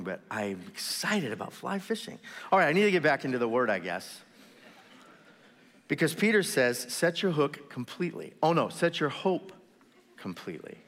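A man preaching a sermon in a lively storytelling manner, acting out quoted voices with sudden loud bursts and quiet asides. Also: fairly low pitch, in a large hall. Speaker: pastor.

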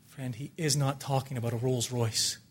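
A man preaching a sermon, swinging from loud, ringing declarations down to hushed, pleading near-whispers. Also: medium pitch, fairly even intonation, moderate pace, slightly rough.

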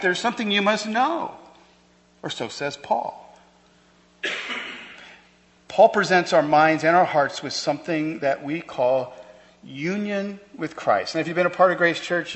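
A man's voice: a little high, a bit bright. A pastor preaching a sermon to his church, emphatic and conversational, with rhetorical questions. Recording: long hall reverb.

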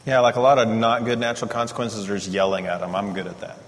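A man's voice: lowish voice, fast talker, slight background noise. Man talking about parenting in a reverberant hall. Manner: animated storytelling, laughs at himself. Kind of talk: casual teaching talk.

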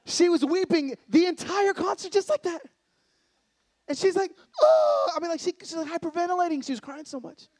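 A middle-aged man giving a sermon-style talk from a live event stage, swinging from excited loud bursts to hushed, intimate lows. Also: brisk, dry recording. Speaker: conference speaker.

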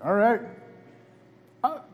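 A man's voice: slow, narrow, tinny audio. A man preaching a sermon, telling a personal story in a conversational way with frequent "right?" asides, then leading a prayer. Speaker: pastor.

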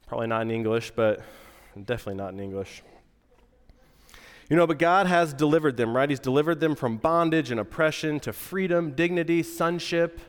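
A male pastor with a stuffy, nasal voice from a cold, preaching in a relaxed, conversational way with asides. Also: a little high, brisk, smooth, long reverb tail. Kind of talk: sermon.

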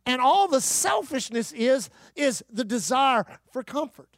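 A man preaching a sermon, emphatic, with rhetorical questions, repeated phrases and occasional shouted bursts. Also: extremely high pitch, sing-song, unhurried, few pauses, no room sound, studio quality. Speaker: pastor.

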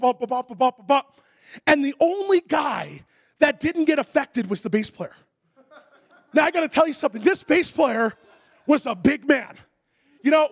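High-pitched gravelly man preaching. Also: no echo, studio quality. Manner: animated, comic, shouts sound effects. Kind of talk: sermon storytelling.

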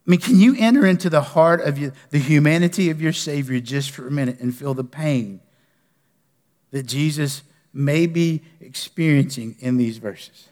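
A man preaching a sermon as pastor, moving between passionate declarations and soft, pleading prayer. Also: a little high, normal speed. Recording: long reverb of a church hall.

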